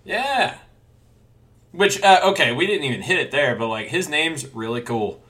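A man's voice: on the high side, animated, normal speed, sharp tone. A man co-hosting a casual podcast chat, rambling with many restarts and some casual swearing. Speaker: podcast co-host. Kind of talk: casual chat about a manga.

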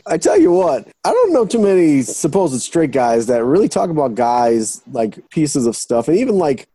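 A man co-hosting a podcast in casual, joking chat, sometimes jumping into squeaky mock voices. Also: wildly swooping pitch, moderate pace, warm tone, breathy edge, dry recording. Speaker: podcast co-host.

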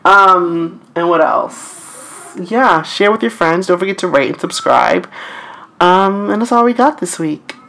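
A man's voice: sits high, unhurried, gravelly, sharp tone. A man co-hosting a podcast in casual chat, joking and swearing freely with his friend. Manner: profane, joking banter. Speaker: podcast co-host.

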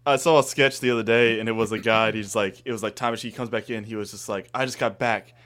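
A man co-hosting a podcast, retelling a sketch in a halting casual way. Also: on the low side, fairly even intonation, fairly bright tone. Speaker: podcast co-host. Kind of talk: casual chat.

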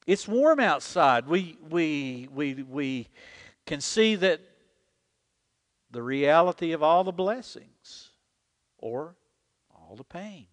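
The pastor's voice is a little high, and he speaks slowly, pausing often. His animated sermon in a church sanctuary, heavy with long hall reverb, has the congregation repeating a prayer back to him line by line.

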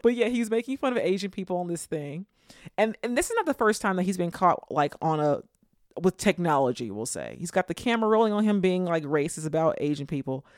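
A podcast co-host chatting casually about politics, jokey and animated, laughing often. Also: mid-range voice, brisk, no echo, clean studio sound.

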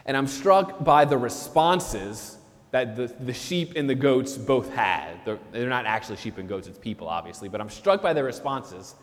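A man's voice: mid-range voice, expressive, moderate pace, long reverb tail. A man, a priest, preaching a sermon in an earnest way and repeating key phrases for emphasis.

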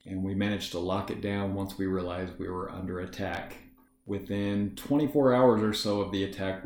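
A man with a fairly low voice narrates a first-person story in a measured, matter-of-fact way. His voice rings in a roomy, echoey space. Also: a little mellow, slight background noise. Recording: roomy echo.

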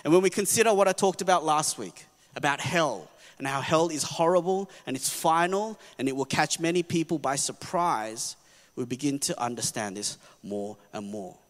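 A pastor giving a sermon in an earnest, conversational way, often checking in with the congregation. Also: male voice, a little high, moderate pace. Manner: earnest, conversational preaching with frequent "right?" asides. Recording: long reverb of a church hall.

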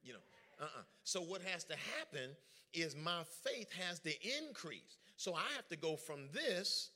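A man preaching a lively sermon, joking with the congregation and calling for their responses. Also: on the high side. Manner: lively, joking, drawls informal speech.

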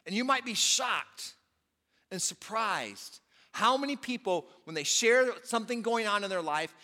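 Male pastor, casual sermon delivery, bright, forceful tone, big reverberant hall. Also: high-pitched, expressive, measured pace. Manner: conversational preaching, with frequent "you know" fillers. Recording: long reverb of a large hall.

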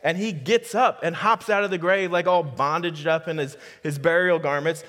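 A man's voice: on the high side, fairly even intonation, moderate pace. Man preaching in an echoing hall. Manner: conversational preaching, rising to emphatic, dropping to a hush for stories. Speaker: pastor. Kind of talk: sermon. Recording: long reverb of a large hall.

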